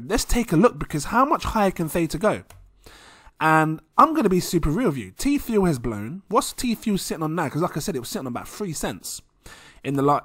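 An excitable young Englishman talks through a casual crypto vlog, rambling and giggling at himself. His pitch swings widely and often jumps up in excitement. His voice sounds bright and forward. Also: dry recording, studio quality. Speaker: crypto vlogger. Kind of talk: casual screen-share commentary.

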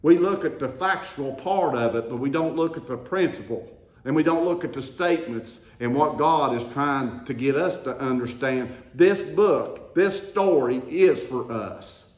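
A man's voice: mid-range voice, expressive, unhurried, darkish tone. A man preaching a sermon, calling the congregation to answer and building to emphatic declarations. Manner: call-and-response preaching, rising to emphatic declarations. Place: church sanctuary. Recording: roomy church echo.

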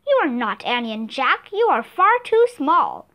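A woman voicing a booming scornful ice wizard. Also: big pitch swings, sharp tone, heavily acted. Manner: booming, slow, commanding. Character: gruff giant one-eyed wizard, scornful.

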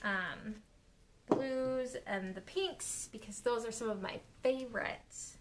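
A woman who owns an art studio, excitedly demonstrating a craft technique on a live stream, gasping and delighting at the results. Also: fairly high pitch, slow pace, noisy background. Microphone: phone or camera on live stream.

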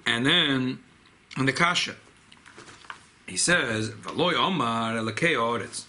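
A man, a rabbi, giving a classroom Torah lecture in an animated, emphatic way, often repeating key phrases. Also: mid-range voice, takes it slowly, a little hiss or hum. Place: study hall classroom.

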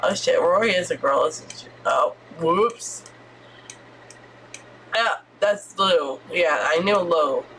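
A woman streamer giving excitable let's-play commentary, squealing and swearing as she reacts. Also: on the low side, slow, slight background noise.

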